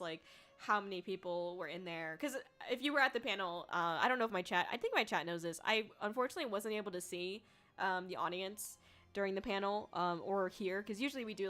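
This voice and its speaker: A young woman streaming, chatting casually with her viewers, laughing often and breaking into squealing shouts. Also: medium pitch. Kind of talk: casual livestream chat. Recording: faint music behind.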